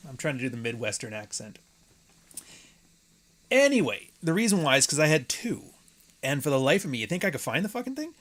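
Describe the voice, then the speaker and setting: A man's voice: mid-range voice, fairly bright tone. Man rambling casually on his podcast. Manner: rambling, profane, jokey asides. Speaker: podcast host. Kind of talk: casual solo podcast chat.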